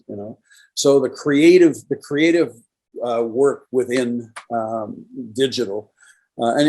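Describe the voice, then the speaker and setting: A man's voice: mid-range voice, darkish tone, rough recording. Older man, enthusiastic retired radio veteran. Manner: enthusiastic, tells stories with quoted dialogue. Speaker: guest, retired radio professional. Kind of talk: casual interview conversation.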